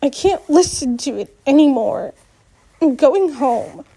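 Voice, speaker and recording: A woman's voice: high-pitched, expressive, a little slow, gravelly, warm tone, full character voice, low-quality recording. A woman voicing a skeptical teenage girl with a curt way of talking, in a storybook reading. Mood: upset.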